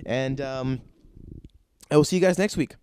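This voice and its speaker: A man's voice: medium pitch, normal speed, a little mellow, clean tone. Profane, rambling male podcast host. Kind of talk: casual comedic storytelling monologue.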